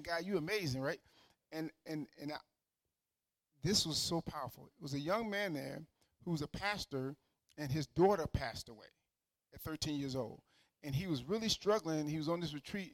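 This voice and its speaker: Male pastor, slightly high voice, conversational sermon storyteller that swells to emphatic preaching, dry close sound. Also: dry recording, low-quality recording.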